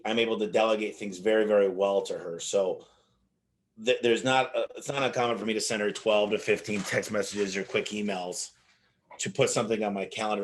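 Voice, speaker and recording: A man telling animated stories as an interview guest, acting out the dialogue in his anecdotes with frequent restarts. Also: on the low side. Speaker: business owner guest. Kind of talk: casual interview storytelling.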